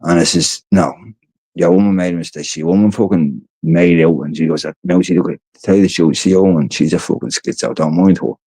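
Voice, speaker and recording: A man's voice: low-pitched, fairly quick, dark tone, husky, dry recording. A tired Irish man hosting a livestream, telling stories in a loose, rambling way, swearing freely and repeating his words. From Ireland. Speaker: livestream host. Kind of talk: casual rambling storytelling. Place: indoors, home.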